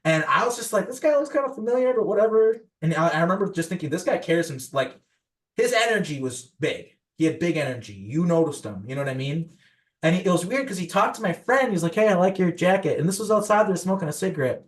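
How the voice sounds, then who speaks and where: A young American man, guesting on a podcast, rambles through conspiracy stories packed with fillers and restarts. His voice is a little high, with lively intonation, and he talks fast.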